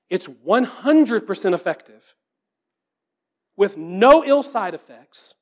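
A man preaching a sermon as pastor, earnest and rhetorical, asking repeated questions and dropping to a hushed voice. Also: sits high, sing-song, takes it slowly.

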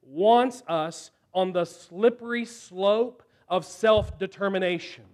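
Male preacher, higher register, deliberate and emphatic sermon delivery. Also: a little mellow. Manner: slow, emphatic preaching with dramatic pauses.

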